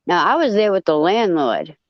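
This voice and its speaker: Blunt, profane woman guest, lowish voice, dry dull lo-fi sound. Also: normal speed, no echo. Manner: blunt and profane, animated retelling. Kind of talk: casual storytelling.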